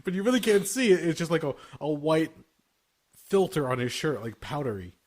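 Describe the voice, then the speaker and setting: A podcast host in his thirties speaks briskly in a fairly high voice with big pitch swings. The talk is casual storytelling, peppered with swearing and laughter.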